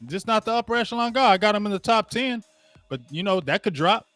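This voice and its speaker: A man with a fairly high voice hosts a live game watch-along, ranting in loose, slangy speech and talking straight at his viewers. The sound is dry and close, with faint music underneath. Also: lively intonation, quick pace, a bit bright, no room sound. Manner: ranting, addresses viewers directly; casual slangy talk. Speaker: sports show host. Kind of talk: live play-by-play rant while watching a game.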